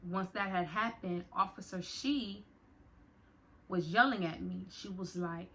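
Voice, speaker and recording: Young adult woman, slightly low voice; vlogger retelling a hard personal story, conversational and emotional, talks straight to her viewers. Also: a little slow, fairly bright tone. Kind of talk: storytime vlog.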